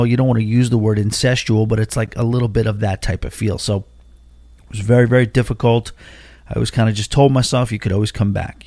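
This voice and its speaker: With a medium-pitched, slightly mellow voice, a podcast host in his forties, originally from Long Island, New York, shares a long personal story in a rambling, casual manner full of fillers and side remarks. The recording is clean studio sound with no echo.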